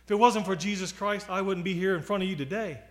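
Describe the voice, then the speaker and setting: A man in his forties preaching a sermon, moving from loud appeals to quiet asides. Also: sits high, quick pace. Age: 40s.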